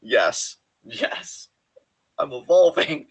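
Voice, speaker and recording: A man co-hosting a live wrestling reaction, excitable and swearing, laughing often, tired from being up past four in the morning. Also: lowish voice, normal speed, slightly rough.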